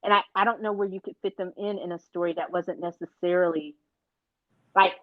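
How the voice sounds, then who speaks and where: A woman's voice: on the low side, steady tone, a little fast, no room sound, narrow, tinny audio. A woman co-hosting a show review, chatting casually, acting out scenes in playful voices and laughing often. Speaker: podcast co-host reviewing a TV show. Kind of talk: casual chat.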